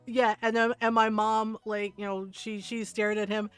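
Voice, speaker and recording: A woman's voice: medium pitch, little pitch movement, normal speed, clear, resonant tone, soft background music. A woman livestreamer chatting casually with her viewers, answering chat and telling stories with frequent laughs.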